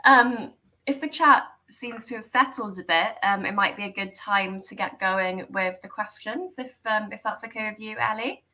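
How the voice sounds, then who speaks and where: A woman's voice: medium pitch, moderate pace, bright, forceful tone, poor audio. A woman hosting a live online Q&A on a video call, friendly, with lots of ums and laughs. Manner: friendly, frequent ums, giggly. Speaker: host.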